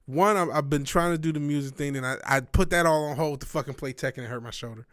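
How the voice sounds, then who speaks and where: A man's voice: fairly high pitch, fast talker, fairly bright tone, no room sound, clean studio sound. A young man streaming late at night, chatting casually in a rambling way, restarting his sentences often.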